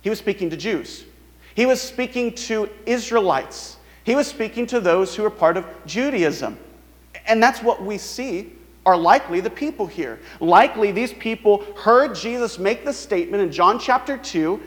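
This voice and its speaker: Guy preaching, high voice, earnest and emphatic, big echoey church hall. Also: animated, moderate pace. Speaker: pastor. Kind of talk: sermon.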